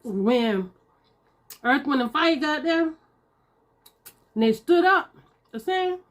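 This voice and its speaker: A mukbang vlogger chats casually with her viewers while eating, calling them y'all and using Southern US slang. Her voice sits high, with lively intonation and a slow pace.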